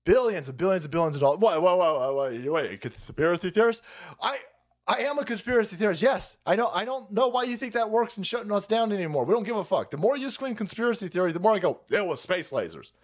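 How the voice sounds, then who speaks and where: A man hosting a livestream, ranting in a foul-mouthed, sarcastic and exasperated way and repeating words in rapid bursts. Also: high-pitched. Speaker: livestream host. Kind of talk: profane livestream rant.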